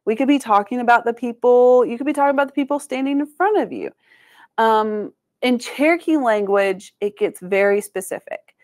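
A woman, an educator giving a language lesson to schoolchildren, encouraging them and slowly sounding out words for them to repeat. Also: a little high. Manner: encouraging, call-and-response, slows to sound out syllables. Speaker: Cherokee language and culture educator. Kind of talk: teaching a children's language lesson. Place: museum presentation room.

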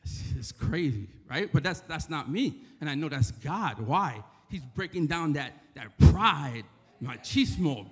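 Man, New York Bronx accent, slightly high voice, informal church sermon, long hall reverb. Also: sing-song, unhurried, fairly bright tone, breathy edge. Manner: conversational, repeats "right?" to the crowd. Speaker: church member giving a talk.

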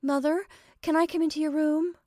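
A woman's voice: sits high, steady tone, fairly quick, dark tone, no echo, clean studio sound, voice pushed up, natural voice. A woman reading aloud, voicing an upset young woman who pleads breathlessly. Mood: pleading, upset.

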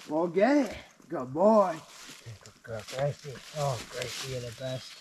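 A man vlogging while shed hunting in the woods, talking warmly to his dogs with excited praise and laughter. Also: mid-range voice, slow pace, background noise. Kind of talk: casual outdoor vlog talk to dogs. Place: woods outdoors.

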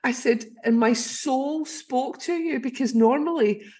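A Scottish woman in her fifties, hosting a podcast and telling a story in an animated, chatty way. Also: sits high, unhurried, breathy edge. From Scotland. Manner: animated, acts out quoted voices. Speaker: podcast host. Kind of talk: casual storytelling chat.

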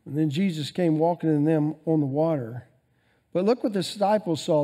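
Animated pastor, high mellow voice. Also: male voice, normal speed. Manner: animated preaching, swings between loud emphasis and quiet asides. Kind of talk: sermon.

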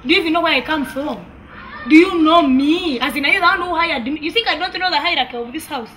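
A woman's voice: sits high, rapid-fire, sharp tone, slight background noise. A woman comedian playing a defiant young housemaid who talks back to her boss with cheeky mockery. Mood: sassy. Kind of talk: comedy sketch acting.

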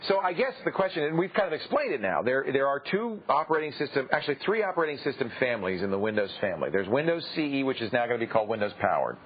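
A man co-hosting a tech TV show, explaining things quickly and joking wryly in casual banter. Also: medium pitch, big pitch swings. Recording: dull old TV broadcast with faint hiss.

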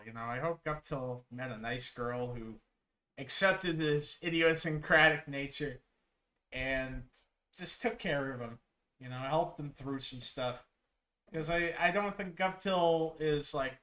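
Young guy streaming, chill, swears a lot, bright tone, slow talker. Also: on the high side. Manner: laid-back, swears and laughs often. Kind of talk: casual reaction commentary.

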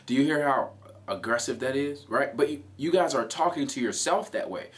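A man's voice: medium pitch, lively intonation, moderate pace. A man giving a motivational self-help talk in an earnest, coaching way. He repeats key phrases and adds "right?" asides to the listener. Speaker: motivational speaker.

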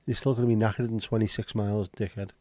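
Sweary man, low mellow voice. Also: level tone, fast, no room sound, clean studio sound. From Liverpool, England. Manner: sweary, sarcastic banter. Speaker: livestream host. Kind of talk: casual livestream chat reading viewer comments.

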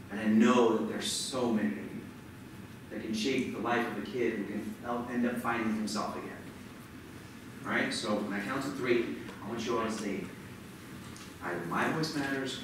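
A man's voice: on the low side, background noise. A man giving a passionate motivational talk as a visiting author, urging the audience to join a chant. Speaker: author speaking at a school event. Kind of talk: motivational speech. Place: large lecture hall. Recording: echoey hall from far off.

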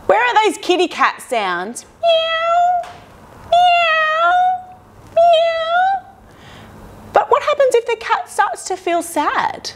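A woman's voice: extremely high pitch, wildly swooping pitch, moderate pace, few pauses, a bit bright. A young woman leading a playful children's yoga lesson, guiding poses and making animal sounds. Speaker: kids' yoga instructor.

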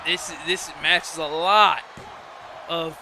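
A high-voiced man calls wrestling video game action play by play, gasping and exclaiming at every move while putting on a mock accent. The voice sits high for a man, and a steady hiss of noise runs underneath the recording. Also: slow pace, a crowd in the background. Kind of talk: excited play-by-play commentary.

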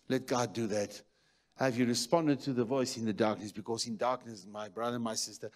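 A male pastor delivers a sermon in a church. He is emphatic, swinging from ringing declarations to hushed, murmured lines. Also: mid-range voice, fairly even intonation, fairly quick. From South Africa.

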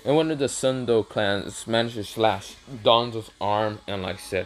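A man's voice: fairly low pitch, measured pace. Rambling, hesitant male fan-story teller. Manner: rambling, hesitant, loses track, swears. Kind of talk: casual improvised fan-fiction narration.

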